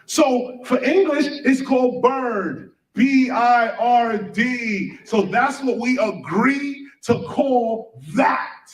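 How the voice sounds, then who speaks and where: A man lecturing an audience, firing questions and spelling out words letter by letter, heard from a distance in a large room. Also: very high voice. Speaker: speaker. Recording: roomy, from a distance.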